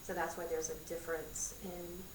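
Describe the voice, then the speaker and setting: A woman's voice: on the low side, flat delivery, normal speed. A woman teacher patiently explaining sight words to parents. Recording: echoey room, far from the mic, clear background noise.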